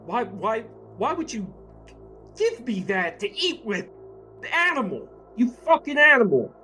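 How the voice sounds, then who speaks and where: A man doing a hot-headed agent, angry, profane, higher voice. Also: slow pace, a bit bright, soft background music. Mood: furious. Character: hot-tempered male agent, swearing.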